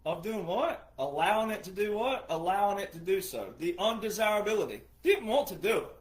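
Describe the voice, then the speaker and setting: A man's voice: sits high, animated, brisk. A man who is a retired veteran, giving an emphatic monologue full of repetition and rhetorical questions. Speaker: retired military veteran commentator.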